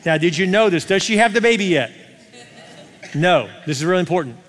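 A middle-aged male pastor preaching a sermon in a conversational, animated way, often asking the crowd questions. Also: high-pitched, a little fast. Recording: long hall reverb.

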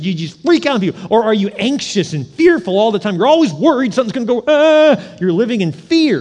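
A man preaching a conversational sermon, asking the congregation one rhetorical question after another and acting out little scenes with sudden loud cries. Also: high voice, long reverb tail. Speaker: pastor.

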